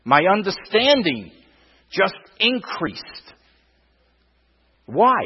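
Emphatic preacher with a husky, lively voice. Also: male voice, a little high, slow. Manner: emphatic, repeats words, rhetorical questions. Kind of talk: sermon. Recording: dull, lo-fi sound with long reverb.

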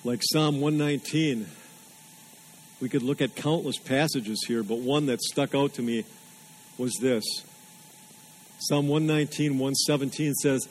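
A man's voice: mid-range voice, measured pace, pauses often, a little hiss or hum, rough recording. A man preaching a sermon, earnest and emphatic, repeating phrases for weight. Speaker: pastor.

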